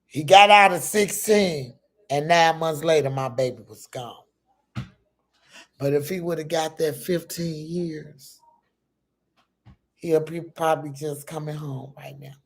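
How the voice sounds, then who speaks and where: Slow-talking emphatic mother. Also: sits low. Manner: emphatic, profane, addresses viewers as y'all. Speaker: mother telling her story. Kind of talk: casual storytelling to viewers.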